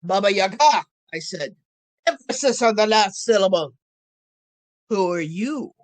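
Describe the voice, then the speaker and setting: A woman storyteller with a medium-pitched voice plays the ancient, wry witch Baba Yaga in a lightly acted, expressive first-person telling. She drawls and teases at a slightly slow pace. There's no room sound, but the audio quality is poor.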